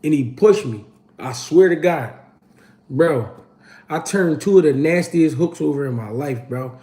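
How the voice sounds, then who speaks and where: A man's voice: fairly high pitch, lively intonation, unhurried, dark tone. A man, hosting his channel and telling a story to a live audience in a casual, slangy and profane way, acting out the quotes. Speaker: channel host.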